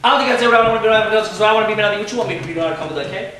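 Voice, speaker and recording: A man's voice: very high-pitched, steady tone, a little fast, noisy background, pitched below the performer's own voice. A man voicing a sassy, blunt ten-year-old schoolgirl in a spoken-word piece, recorded from a distance in an echoey live venue.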